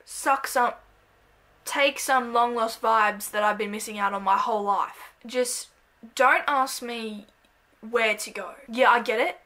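An Australian woman vlogging a playful, self-mocking comedic monologue to camera, breaking into loud bursts. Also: a little high, unhurried.

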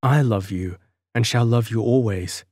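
A man reading an audiobook, voicing an earnest young traveller who speaks calmly, gently and sincerely. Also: lowish voice, unhurried, dry recording, studio quality. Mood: tender.

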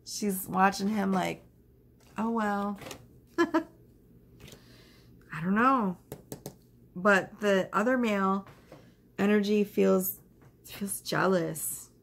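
A woman's voice: medium pitch, drawn-out words, gravelly, long pauses, slight background noise. Chatty woman reading tarot cards. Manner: chatty, animated, lots of fillers. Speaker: tarot reader.

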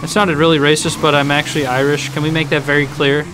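A man live streaming a video game, chatting casually, rambling and joking with sudden loud outbursts. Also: fairly high pitch, flat delivery, fast, background noise.

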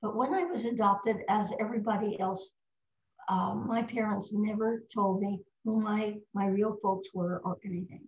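Lady in her 90s telling showbiz stories, lively, kinda roomy audio. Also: medium pitch, moderate pace. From United States. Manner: lively, anecdotal, fond of putting on voices. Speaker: guest, voice actress. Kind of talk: casual storytelling interview. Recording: roomy, slightly dull recording.

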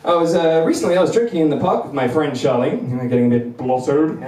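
A man's voice: on the high side, quick pace, warm tone. A young man doing a bumbling, self-deprecating stand-up set on a comedy club stage, chuckling between lines. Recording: roomy venue, mic at a distance.

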